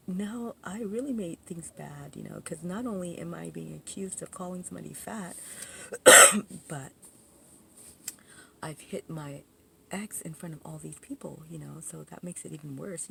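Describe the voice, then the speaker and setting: Gravelly woman telling a rambling story. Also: sits low, slight background noise. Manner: rambling, full of "you know" asides and restarts; indignant, animated retelling. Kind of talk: casual personal storytelling.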